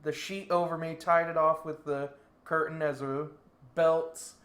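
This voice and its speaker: A man's voice: on the high side, little pitch movement, a little slow, fairly bright tone. A man co-hosting a podcast, telling stories in a chatty way and laughing often. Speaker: podcast co-host. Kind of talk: casual chat. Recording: echoey room.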